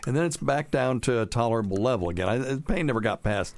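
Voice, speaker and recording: A man's voice: mid-range voice, lively intonation, fast, no echo. A man who is a physician, hosting a casual talk show and explaining medical things in a frank, joking way. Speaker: physician podcast host.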